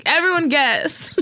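A woman's voice: fairly high pitch, slightly rough, no echo. A woman guest in casual comedic chat, telling stories with lots of laughter and acted-out voices. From USA. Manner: laughs often, lively storytelling with mimicked voices.

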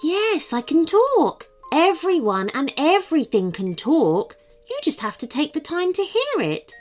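A gentle talking horse explains kindly and patiently in a soft voice, as a woman reads her part. Her voice sits high and moves in a lively way, at an unhurried pace. Quiet music plays underneath. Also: exaggerated voice. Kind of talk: storybook character voice.

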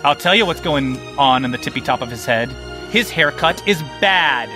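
A man's voice: a little high, animated, normal speed, over music. A man narrating as game master in a tabletop game, loose and playful with many fillers.

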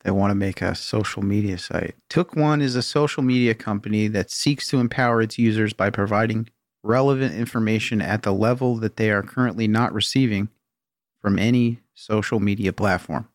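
A man's voice: on the low side, fairly quick, no echo, clean studio sound. A man co-hosting a comedy podcast, laughing and joking in casual chat. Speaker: podcast co-host.

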